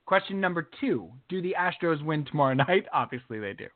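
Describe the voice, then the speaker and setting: Podcast co-host, man, high lively voice, jokey and quick to laugh, thin phone-like sound. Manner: animated, laughs often, breaks into mock British singing. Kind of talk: casual sports chat.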